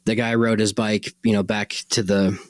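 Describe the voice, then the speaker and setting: A man's voice: on the low side, flat delivery, normal speed, no echo. A man hosting a podcast, telling a personal story in a rambling, conversational way and often correcting himself. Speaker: podcast host.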